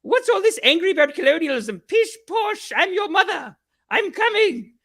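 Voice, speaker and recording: A man putting on a mocking voice of a haughty elderly queen, high and prissy. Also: big pitch swings, moderate pace, pushed and bright, exaggerated voice.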